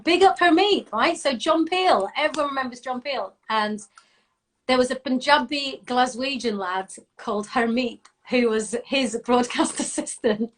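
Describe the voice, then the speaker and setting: A woman with a Yorkshire accent tells a story in casual chat, her voice sitting a little high. She talks in a lively, unfiltered way over a live video call. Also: unhurried. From Bradford, England. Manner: lively storytelling, swears freely. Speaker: interview guest. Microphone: phone or laptop on a live video call.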